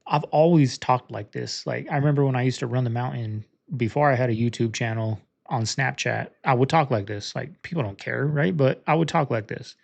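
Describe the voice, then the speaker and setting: A man's voice: medium pitch, fairly quick, creaky, hardly any pauses. A man hosting a reaction channel, talking casually and earnestly straight to his viewers, rambling a little as he gives his view.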